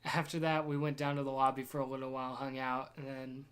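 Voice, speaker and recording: A man's voice: medium pitch, monotone, fast, a bit bright. A young man narrating a casual travel vlog from a hotel room, telling rambling, jokey stories. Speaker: vlogger.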